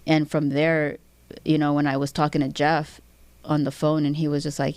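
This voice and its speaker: A woman's voice: low-pitched, steady tone, a little fast, darkish tone, smooth, dry recording. A woman guest, a fight promoter, talking bluntly and emotionally with heavy swearing. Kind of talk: emotional interview talk.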